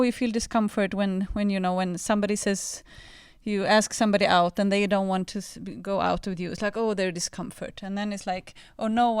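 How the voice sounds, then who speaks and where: Smooth-voiced woman on a discussion panel. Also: mid-range voice, dry recording, studio quality. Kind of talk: podium discussion.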